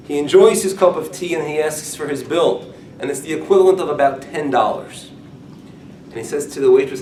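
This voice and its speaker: A man's voice: fairly high pitch, brisk, a little mellow, slight background noise. A man, a rabbi, giving an informal talk to a group, telling stories with animation and humor. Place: room with curtains. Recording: echoey room, mic from far off.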